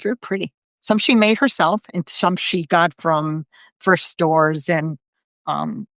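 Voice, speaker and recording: A middle-aged woman, a psychic medium, talks on her live video in a loose, chatty way. Her voice sits low and sounds dry, with no room around it. She fills her story with ums and quoted back-and-forth. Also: dry recording. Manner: chatty, retells conversations with quoted voices, many fillers. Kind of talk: casual storytelling on a live stream.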